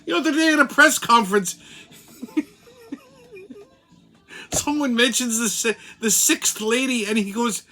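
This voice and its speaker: A man's voice: very high voice, a little slow, long pauses, bright, forceful tone, faint music behind. A man with a Brooklyn accent hosting a casual commentary vlog. He talks in a brash, joking way and swears freely. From New York. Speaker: channel host.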